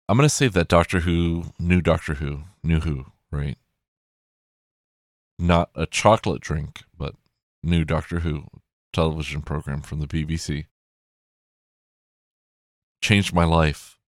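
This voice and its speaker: A man's voice: a bass voice, no room sound, studio quality. A man chatting casually and rambling, with plenty of swearing and self-corrections.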